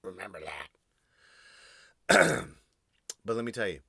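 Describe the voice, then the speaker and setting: Male podcast host, lowish voice, forceful and ranty, talks straight to his listeners, swears freely, dry close sound. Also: takes it slowly, vocal fry, dry recording. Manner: animated, ranting, swears freely; addresses listeners directly. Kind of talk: comedic solo monologue.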